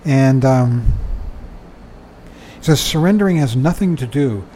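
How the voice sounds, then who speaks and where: A man's voice: mid-range voice, lively intonation, unhurried, dark tone, a little hiss or hum, rough recording. An older man giving a dharma talk, reading from a book and commenting in a conversational way, often chuckling and saying "you know".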